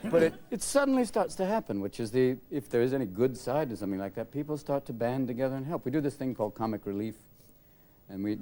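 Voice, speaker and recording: A man on a TV talk show telling comic stories and switching rapidly into put-on voices, with studio audience laughter around him. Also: mid-range voice, warm tone. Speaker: talk show guest, comedian.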